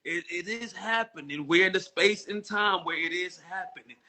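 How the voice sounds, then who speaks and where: Bright-voiced man rambling earnestly. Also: high-pitched, normal speed. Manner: rambling and earnest, with many "you know" fillers. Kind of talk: casual spiritual rambling.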